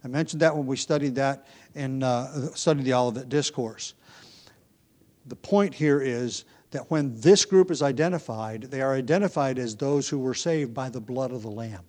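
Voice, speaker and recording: A man's voice: mid-range voice, normal speed, darkish tone. A man teaching through a Bible passage in sermon style, explaining step by step with frequent restarts and asides.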